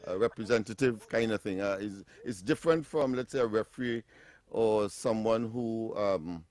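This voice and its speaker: A man's voice: fairly low pitch, moderate pace, darkish tone. A man hosting a morning talk radio show, bantering, laughing often and repeating words as he works through them.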